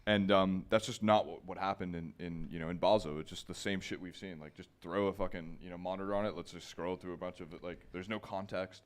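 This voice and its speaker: Deep-voiced, blunt male podcaster. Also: fairly even intonation, a little fast, few pauses, clean tone. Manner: blunt, profane, critical. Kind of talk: casual chat.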